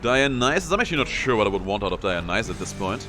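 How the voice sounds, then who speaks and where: A man's voice: lowish voice, sing-song, rapid-fire, music in the background. A young man giving casual commentary on his own gameplay, playfully taunting enemies as he goes. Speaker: gameplay streamer.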